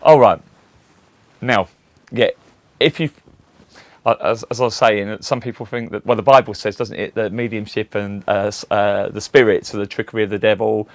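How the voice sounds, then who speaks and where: A middle-aged man with a low, gravelly voice tells a rambling story in a casual interview. He acts out the other people's lines as he goes. The sound is dry and close, with no room around it. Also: steady tone, moderate pace, dry recording. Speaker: interview guest, tribute act for a famous singer.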